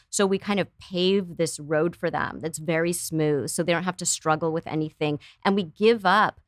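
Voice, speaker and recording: A woman's voice: on the low side, steady tone, normal speed, hardly any pauses, fairly bright tone, no room sound, clean studio sound. Earnest middle-aged woman therapist explaining. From United States. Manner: earnest, explanatory, acts out quoted voices. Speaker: psychotherapist guest. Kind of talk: conversational interview explaining.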